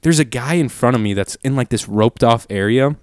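Young dude rambling a story, tons of "like" and swearing, dry sound. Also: male voice, mid-range voice, a little fast, dry recording. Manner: rambling, profane, heavy use of "like", acts out quotes. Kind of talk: casual storytelling chat.

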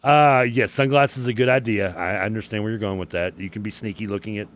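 A man's voice: lowish voice, steady tone, fast. A man with a Southern accent and a slight lisp, co-hosting a sports radio show, laughing often and tripping over words. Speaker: radio co-host. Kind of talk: casual sports radio banter. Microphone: headset.

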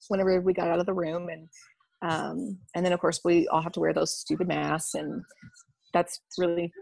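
Young woman, gravelly low voice, dry sound, halting candid storyteller. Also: no room sound. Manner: halting, full of ums and you-knows. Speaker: vlogger sharing a personal story.

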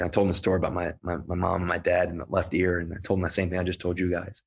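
A man's voice: sits low, quick pace. A man telling a personal story to an audience, earnest and emotional, often restarting and repeating himself. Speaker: guest speaker.

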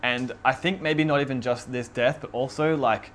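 A man leading an informal Bible study, teaching in a relaxed, chatty way with many fillers. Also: medium pitch, moderate pace, a little hiss or hum. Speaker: youth group or Bible study leader. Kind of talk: casual conversational teaching on scripture.

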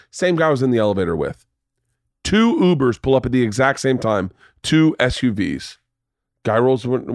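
A podcast host tells stories in casual chat, swearing freely and acting out the voices of the people in them. His voice is fairly low with a darkish tone, in clean studio sound with no room sound.

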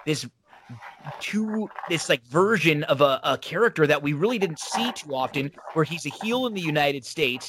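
A man's voice: on the high side, background noise. A man casually recapping an old wrestling show on a podcast, chatty and rambling with fillers.

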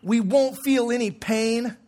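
A man voicing his excited small son, about three or four, chattering eagerly. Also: extremely high pitch, a little slow.

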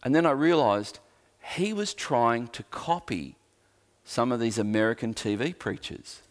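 A man's voice: mid-range voice, big pitch swings, a little slow. A man with an Australian accent, preaching a sermon as a pastor in an earnest, conversational way with joking asides.

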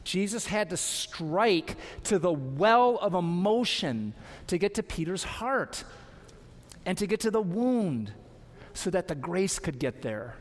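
High-voiced man preaching in echoing hall. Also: very animated, slow pace. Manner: earnest, emphatic preaching with rhetorical questions. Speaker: pastor. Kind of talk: sermon. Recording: long hall reverb.

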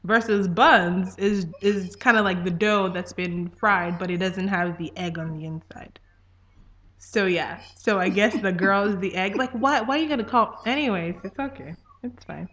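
A woman's voice: medium pitch, normal speed, fairly bright tone, lo-fi sound, a little hiss or hum. A woman from Nigeria hosting a podcast, chatting casually and laughing often. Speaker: podcast host.

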